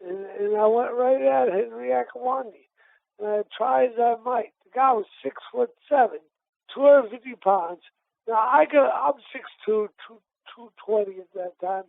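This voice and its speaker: A man's voice: extremely high pitch, normal speed, gravelly, dry recording. A middle-aged man from Massachusetts, a retired boxer, telling rambling stories with many restarts and repeats in a casual interview. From Massachusetts, USA. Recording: tinny phone line on a radio show.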